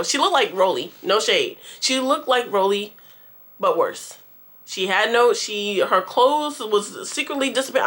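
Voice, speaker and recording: A woman's voice: medium pitch, fairly bright tone. A young woman vlogger telling a storytime tale to her viewers in a slangy, profane, chatty way. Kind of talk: casual storytime.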